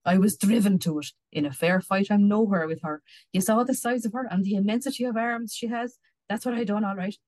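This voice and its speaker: A woman's voice: medium pitch, a little fast, darkish tone, no room sound, close to an everyday voice. An Irish woman reading aloud, voicing a small, meek country man who complains about his wife. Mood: wheedling.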